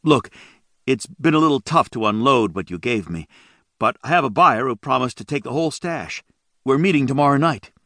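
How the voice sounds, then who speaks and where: A man's voice: medium pitch, very animated, normal speed, a bit bright, no echo, pitched above the performer's own voice. A man voicing a nervous, cowardly young man who speaks tensely and evasively.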